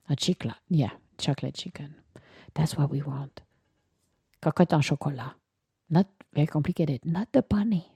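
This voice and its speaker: A woman with a French accent hosting a casual solo chat, telling stories in an animated way and slipping French words into her talk. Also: lowish voice, gravelly, dry recording, clean studio sound. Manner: chatty, animated storytelling with French words mixed in. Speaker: host.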